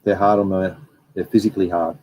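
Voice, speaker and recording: A man's voice: low-pitched, flat delivery, brisk, a little mellow, slight background noise, rough recording. A young man hosting a casual livestream, rambling and reading out viewer comments. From Australia. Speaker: livestream host.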